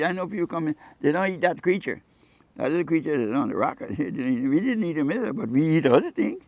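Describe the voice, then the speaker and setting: A man's voice: on the high side, no room sound, dull audio. An older Caymanian man, a fisherman and jewelry maker, telling rambling stories in an interview and acting out the dialogue. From Cayman Brac, Cayman Islands. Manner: animated storyteller who acts out quoted dialogue. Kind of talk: rambling anecdotal storytelling.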